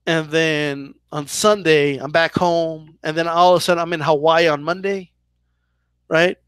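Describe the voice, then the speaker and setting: A man's voice: a little high, fairly even intonation, unhurried, a bit bright, smooth, dry recording. A man hosting a casual live Q&A about boxing, chatty and loose, full of "like" and "right?" as he answers viewer questions. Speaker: boxing channel host.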